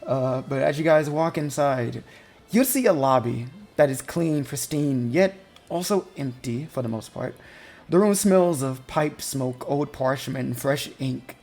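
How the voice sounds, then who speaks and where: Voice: mid-range voice, animated, a little slow, a little mellow, soft background music. Game master narrating with many fillers. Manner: descriptive, with frequent ums and uhs.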